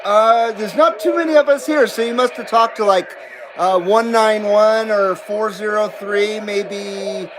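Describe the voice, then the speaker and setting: Man, CB radio stream host, high voice, rambling casual chat, reads chat aloud, steady background noise. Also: a little slow. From western United States. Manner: rambling and self-deprecating, laughs often, many fillers. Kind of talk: casual livestream chat, reading chat messages aloud.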